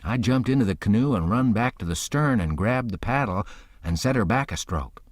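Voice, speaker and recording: A man's voice: on the low side, lively intonation, normal speed, no echo, studio quality. A man narrating an audiobook in the first person, telling the story in a folksy rural dialect.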